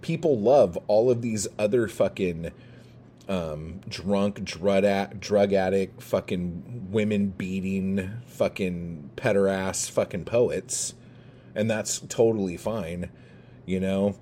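A man's voice: low-pitched, slow, mellow, slight background noise. A man ranting heatedly to camera, swearing constantly and pushing his points with emphatic bursts. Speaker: poet and video creator.

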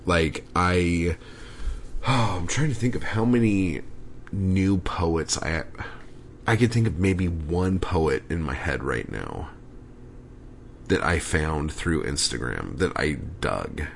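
A man hosts a casual solo podcast, ranting and rambling with lots of swearing and frequent "like" fillers. His voice is low-pitched, expressive and slow, with vocal fry, and there's a little hiss or hum.

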